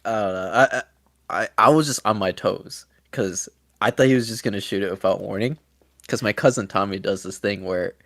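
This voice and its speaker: A man's voice: on the low side, brisk, fairly bright tone, dry recording, clean studio sound. A male podcast co-host chatting casually and telling rambling anecdotes with many restarts. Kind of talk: casual watchalong chat.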